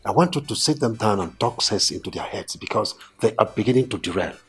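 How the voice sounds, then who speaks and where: A man's voice: on the low side, animated, fast talker, a bit bright, slightly rough, faint music behind, exaggerated voice. An actor playing a middle-aged king who lectures his sons and directs his wife. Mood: commanding. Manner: commanding, dismissive. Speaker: king and father. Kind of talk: film acting.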